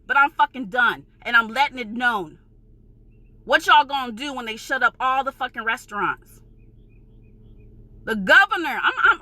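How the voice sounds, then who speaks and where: A woman's voice: on the high side, sharp tone, no echo. A woman from New York with a New York accent, ranting in a vlog, heated, emphatic and profane, insisting she is passionate, not angry. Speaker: vlogger.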